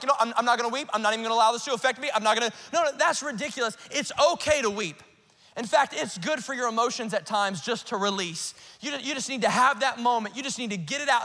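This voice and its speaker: A male pastor preaching a sermon, swinging between urgent outbursts and hushed, earnest asides. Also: very high-pitched, long reverb tail. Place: church auditorium.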